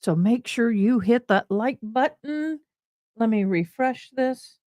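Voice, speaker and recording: A chatty Texan woman runs a casual livestream, her voice sitting a little high. She sounds bubbly and friendly, saying y'all a lot. The recording is dry and close. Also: lively intonation, slow, dark tone, dry recording, muffled recording. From Tennessee, USA. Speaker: livestream host.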